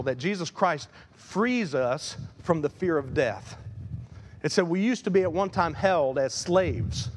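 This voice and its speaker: Male pastor, high voice, animated sermon delivery with loud emphases and soft asides, in a church. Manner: animated preaching, swings between loud emphasis and quiet asides. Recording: long hall reverb.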